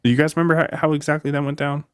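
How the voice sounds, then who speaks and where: A man's voice: on the high side, level tone, very fast, clean tone, no room sound, studio quality. A man hosting a casual book discussion podcast, rambling and hedging, often trailing off mid-thought. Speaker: podcast host.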